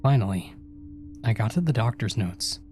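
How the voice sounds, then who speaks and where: Lower-voiced man narrating horror stories. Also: lively intonation, normal speed, a little mellow, soft background music. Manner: voices each character in dialogue.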